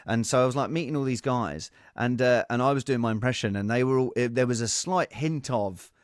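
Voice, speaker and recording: A man, a comedian and guest on a podcast, telling animated anecdotes full of fillers and restarts. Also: mid-range voice, brisk, dry recording, clean studio sound.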